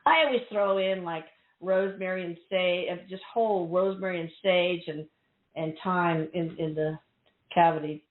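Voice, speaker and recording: A woman's voice: fairly low pitch, fairly even intonation, normal speed. A middle-aged woman hosting a radio show, chatting casually and rambling with restarts. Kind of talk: casual chat. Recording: echoey, tinny phone-like line.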